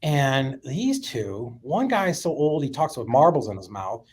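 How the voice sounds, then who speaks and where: A man of middle pitch telling a story as a podcast guest. He talks in a lively, unpolished way, full of "like" and "you know," and swears freely. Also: unhurried, husky. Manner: animated, profane, filler-heavy storytelling.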